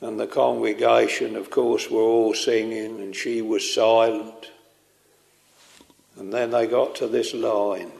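Older preacher, gravelly, slow and earnest, chapel reverb. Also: male voice, lowish voice, flat delivery, darkish tone. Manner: slow, earnest storytelling, drawn-out quoted lines. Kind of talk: sermon. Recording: long hall reverb.

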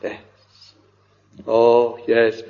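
An older man preaching a sermon with fervent, halting delivery and sing-song rises on scripture. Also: medium pitch, completely flat delivery, creaky. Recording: dull, echoey old church recording.

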